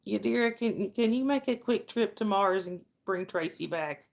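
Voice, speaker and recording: A woman's voice: medium pitch, moderate pace, creaky. A woman hosting a livestream, chatting casually with viewers and laughing often. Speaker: livestream host.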